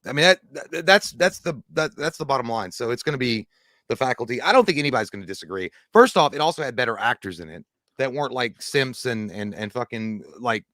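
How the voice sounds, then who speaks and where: A man's voice: medium pitch, expressive, fast talker, a bit bright, no room sound, studio quality. A man co-hosting a live-stream show, rambling and blunt, with plenty of swearing. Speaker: co-host. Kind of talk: casual live-stream chat.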